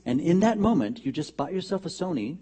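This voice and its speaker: In a church sanctuary, a minister with a husky, fairly high voice preaches fairly quickly. His sermon is conversational and funny, with animated asides.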